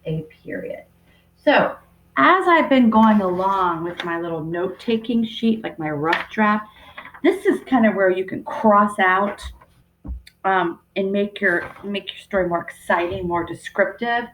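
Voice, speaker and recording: A woman teacher giving a remote writing lesson to young children, speaking slowly and sounding out each word as she writes, recorded on a computer microphone. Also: medium pitch, expressive, fairly bright tone, slight background noise. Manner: slow and deliberate, sounding out words while writing. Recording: roomy echo.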